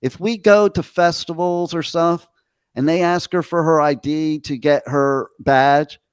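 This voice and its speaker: A man's voice: a little high, steady tone, measured pace, clear, resonant tone, no room sound. A middle-aged man, a radio host, telling brash stories and swearing freely in a casual interview.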